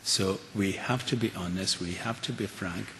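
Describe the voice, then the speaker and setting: An older man giving a keynote talk and answering audience questions, earnest and measured, with frequent restarts. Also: low-pitched, fairly bright tone. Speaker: keynote speaker. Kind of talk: lecture and audience Q&A. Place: large auditorium. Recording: hall reverb with faint hiss.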